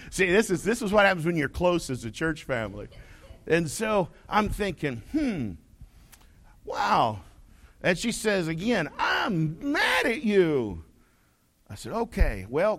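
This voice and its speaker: A pastor with a fairly high voice that swoops up and down as he tells a story from the pulpit. He is folksy and animated, and he keeps acting out the other voices in his tale. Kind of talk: sermon storytelling.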